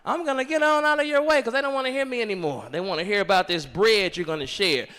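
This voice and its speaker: A man introducing the next speaker at an event, playful and quick. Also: high voice, bright, forceful tone, clear, resonant tone. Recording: long hall reverb.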